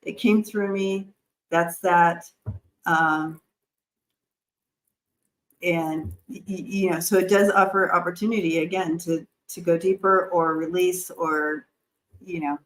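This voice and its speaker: A woman co-host with a fairly low voice joins a casual conversation. She speaks reflectively and thinks aloud, often pausing on small fillers. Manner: reflective, thoughtful, with frequent fillers. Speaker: co-host and psychic reader. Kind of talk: casual chat.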